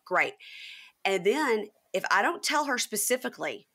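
A woman from Mississippi hosting a podcast, chatting casually and telling stories with lively, high-pitched quoted voices. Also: normal speed. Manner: animated storyteller, jumps high when acting out quotes. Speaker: podcast host. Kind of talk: casual chat.

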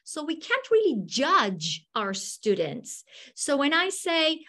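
A woman's voice: sits high, wildly swooping pitch, takes it slowly, a bit bright. A woman who gives a storytelling lecture to teachers and acts out the people in her stories. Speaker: teacher trainer.

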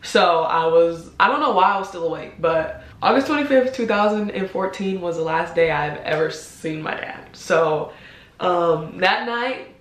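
Hesitant young woman in a roomy echo. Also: fairly low pitch. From United States. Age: 20s. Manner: hesitant, heartfelt, many pauses and ums. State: holding back tears. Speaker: vlogger. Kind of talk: personal confessional vlog.

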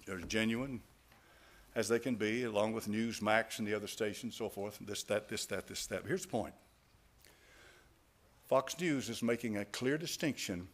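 A man preaching a sermon as pastor, repeating phrases for emphasis and swinging between hushed asides and loud, fervent calls. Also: lowish voice.

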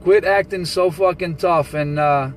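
A man's voice: sits high, measured pace, a little hiss or hum, rough recording. Taunting laid-back man on CB radio. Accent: New Jersey. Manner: taunting, laughing, calm and teasing. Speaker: CB radio operator recording his channel. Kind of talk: casual radio banter, mocking.

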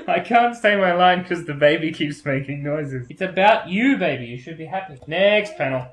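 A man's voice: fairly high pitch, lively intonation, measured pace, fairly bright tone. A man talking through how he draws a comic, playful and full of silly asides, at home with a baby nearby. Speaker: animation teacher drawing a comic. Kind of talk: playful drawing tutorial commentary. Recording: roomy echo.

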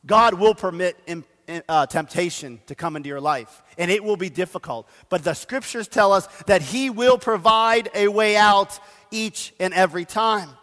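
High, bright-voiced male pastor preaching. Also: normal speed. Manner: storytelling, self-deprecating, urging the congregation. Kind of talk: sermon. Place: church sanctuary. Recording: long church hall reverb.

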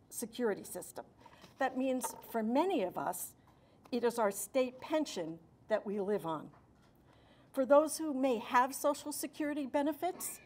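A retired teacher, an older woman, reading a prepared statement at a briefing in a measured, emphatic way. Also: a little high, darkish tone.

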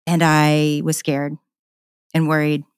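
A woman's voice: low voice, monotone, slow pace, clean tone, no echo, clean studio sound. A middle-aged woman, a podcast guest, candidly telling a personal story in an earnest, passionate way and often repeating words.

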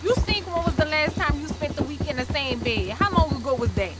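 A woman's voice: sits high, expressive, a little fast. An actress playing a stranded, distrustful older Cajun woman who rambles in folksy, broken grammar with a Cajun accent. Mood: chatty. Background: game music and horse hooves.

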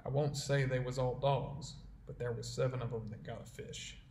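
A man reading the part of Bill, a worried frontier sled driver who speaks in rough dialect and insists gravely on what he saw. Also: medium pitch, steady tone, normal speed, darkish tone, a little hiss or hum, lightly acted. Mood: uneasy. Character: weary frontiersman Bill, uneasy trail man. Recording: roomy echo.

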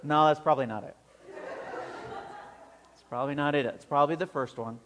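A man preaching a sermon as pastor, animated and acting out the scenes with voices, heard with long church reverb. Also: fairly high pitch, brisk.

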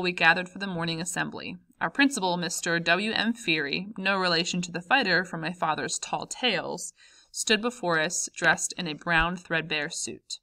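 Woman reading an audiobook, calm and measured, kinda low but bright. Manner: calm, measured, first-person memoir reading. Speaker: audiobook narrator.

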